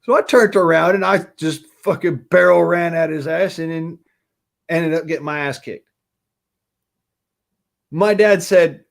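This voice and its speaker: A man's voice: fairly high pitch, unhurried, vocal fry, long pauses. A man from Utah in casual chat, telling a rambling childhood story and cursing freely.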